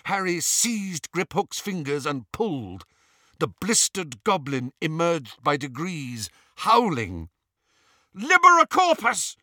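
A man's voice: on the high side, very animated, slow, a bit bright, no room sound. Dramatic male storybook narrator, dry. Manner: dramatic, suspenseful reading. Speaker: audiobook narrator.

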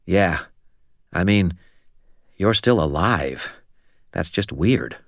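In an audiobook reading, a man puts on a jittery young medic whose voice comes out thick and clogged, as if through a swollen nose. He rambles and hesitates, earnest and a little shaken, pitched a touch above a deep, dry narrating voice. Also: expressive, slow pace, creaky, no echo, full character voice. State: thick, slurred, stuffed-up voice from a broken nose. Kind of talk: audiobook character voice.

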